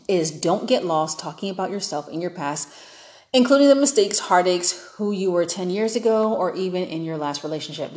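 A woman's voice: on the low side, darkish tone, roomy sound. A woman giving frank, chatty dating advice in a casual monologue, acting out the people she quotes.

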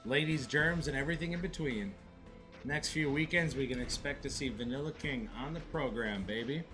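A man co-hosting a slot stream, chatting casually with rowdy, profane excitement and hyping up the chat. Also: medium pitch, moderate pace, over music.

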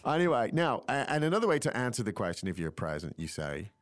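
A man hosting a casual language lesson, joking and thinking out loud. His pitch moves around in a lively way. He talks in a relaxed, unscripted manner. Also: fast talker, no room sound, clean studio sound. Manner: chatty, joking, thinks aloud with fillers. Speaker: language podcast host. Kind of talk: casual teaching chat.

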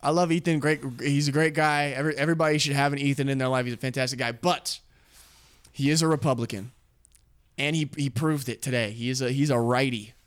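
A man's voice: mid-range voice, fairly even intonation, quick pace, smooth. A young man co-hosting a podcast, rambling and swearing in casual banter with frequent laughs. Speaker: podcast co-host.

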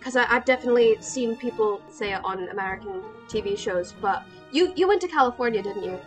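A woman's voice: a little high, animated, quick pace, soft background music. A woman tabletop player making joking asides.

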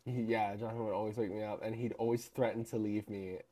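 Laid-back young co-host with a warm, mellow voice. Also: male voice, on the low side, level tone, a little fast. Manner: laid-back, swears, trails off quietly. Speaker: podcast co-host. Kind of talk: casual chat.

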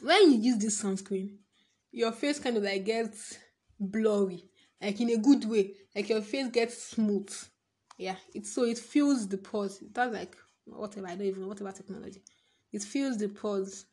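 A young Nigerian woman vlogs in a mellow, mid-range voice at normal speed, her Nigerian English accent clear. Her casual monologue rambles from thought to thought, full of laughter and frequent swearing.

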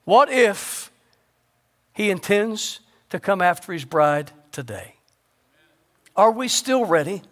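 A male pastor preaching a sermon, asking the congregation questions and sinking to a low hush to stress a point. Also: animated, slow pace, pauses often. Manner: rhetorical questions, sudden drops to a low hush for emphasis.

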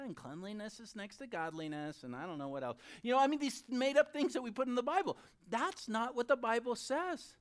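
A pastor preaching a sermon who speaks straight to the congregation and swings between loud, urgent stretches and soft, quiet ones. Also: mid-range voice. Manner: addresses the audience directly.

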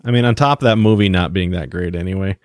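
A man's voice: deep voice, fast talker, dry recording, clean studio sound. A man co-hosting a casual tech podcast, joking and laughing often. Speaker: podcast co-host. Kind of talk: casual chat.

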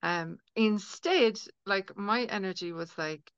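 A woman's voice: on the low side, normal speed, vocal fry, fairly bright tone, clear, resonant tone, dry recording. A woman guest on a podcast, talking earnestly in casual conversation and acting out inner voices as she explains. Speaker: guest healer. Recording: dull lo-fi audio, dry.

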